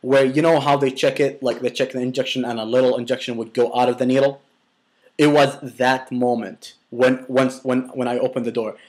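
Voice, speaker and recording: A man's voice: medium pitch, flat delivery, fairly quick, darkish tone. A young man casually telling a personal story, rambling with many restarts and filler words, and swearing bluntly.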